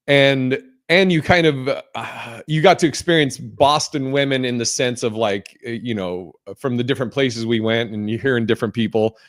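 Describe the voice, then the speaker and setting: A man hosting a podcast, talking loosely and circling around his questions with plenty of fillers and the odd curse. His voice sits at an ordinary middle pitch. The sound is close and dry, with no room around it. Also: moderate pace, hardly any pauses, no room sound. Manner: rambling, filler-heavy, swears casually. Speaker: podcast host. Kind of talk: casual podcast chat.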